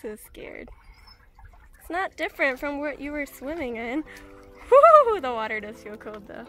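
A woman's voice: sits high, lively intonation, normal speed, music in the background. A woman from Minnesota, chatting casually in a travel vlog by a lake, laughing often and coaxing her dog. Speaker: vlogger. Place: outdoors by a lake.

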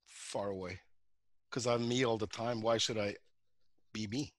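A man's voice: on the low side, no echo. Man talking in a dry room. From Norway. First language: Norwegian. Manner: relaxed, halting, with many restarts. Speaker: guest actor. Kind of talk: casual interview chat.

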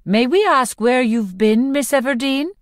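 A woman reading an audiobook voices a stern, suspicious female officer with sharp, cold questions, in a dry, close recording. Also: high-pitched, a little slow, no room sound, voice pushed up.

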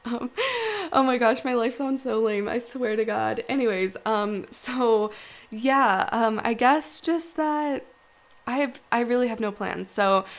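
A woman's voice: medium pitch, gravelly. A woman in her twenties with a groggy morning voice, chatting in a rambling, self-deprecating way full of fillers over a video. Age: 20s. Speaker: video creator. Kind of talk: casual chat voice-over.

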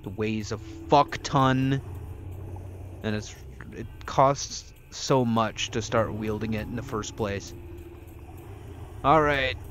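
A man's voice: fairly low pitch, takes it slowly, long pauses, fairly bright tone, a little hiss or hum. A man giving casual let's-play commentary, crude and profane, joking and talking back at the game as he plays. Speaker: gameplay streamer.

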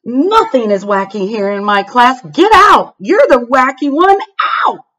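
Woman doing stern storybook teacher, sharp and scolding, swooping voice, slow, dull lo-fi sound. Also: a little high, sing-song, pitched above the performer's own voice, full character voice. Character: stern grown woman teacher, cross and dismissive.

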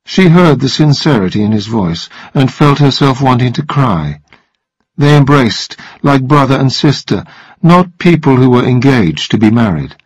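A man narrating a story in a slow, even reading voice for language learners. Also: mid-range voice, breathy edge, no room sound, low-quality recording.

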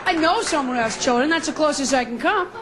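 Chatty high-voiced female stand-up comic. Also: expressive, fast, crowd noise. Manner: chatty, conversational, sarcastic asides. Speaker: stand-up comedian. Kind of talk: stand-up routine. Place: comedy club stage. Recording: noisy club recording with audience.

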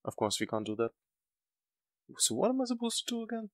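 A man's voice: high-pitched, big pitch swings, fairly quick, background noise. A man hosting a let's play, thinking aloud in casual gameplay commentary. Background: game music.

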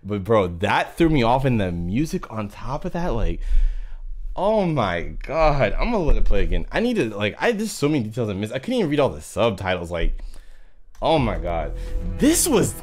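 A man hosting a reaction video from a home setup, talking into a headset. He is breathless and hyped, his pitch leaping up and down with every burst of excitement, while faint music plays underneath. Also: moderate pace.

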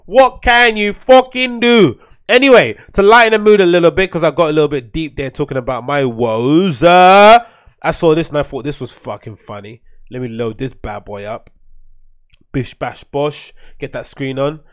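A man's voice: fairly high pitch, animated, moderate pace. Rambling man, podcast host. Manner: rambling, swearing, laughing often. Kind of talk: rambling solo podcast commentary.

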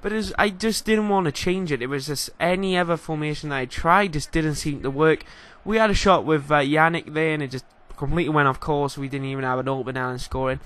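A man's voice: a little high, quick pace, hardly any pauses, fairly bright tone. A young man with a Welsh accent, giving a casual, rambling game commentary voice-over full of fillers. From Wales. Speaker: gaming YouTuber.

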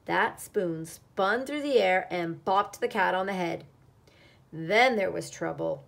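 Slow, expressive woman reading a picture book. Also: on the low side, creaky. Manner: expressive, dramatic pauses. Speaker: storyteller. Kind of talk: children's picture-book read-aloud.

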